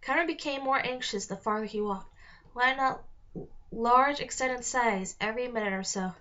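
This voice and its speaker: A woman reads a children's storybook aloud at a steady pace, now and then stumbling and starting a phrase over. Her voice sits a little high, and the recording sounds dull and lo-fi. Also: normal speed. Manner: reads aloud with small slips and restarts. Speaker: reader. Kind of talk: read-along of a children's novel.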